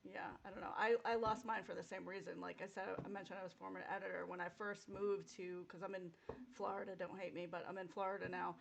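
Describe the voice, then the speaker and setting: A woman's voice: mid-range voice, flat delivery, quick pace, creaky, background noise. A middle-aged woman from Massachusetts hosting a casual chat, chatty and blunt, laughing often. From Massachusetts, Fall River area. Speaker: podcast host.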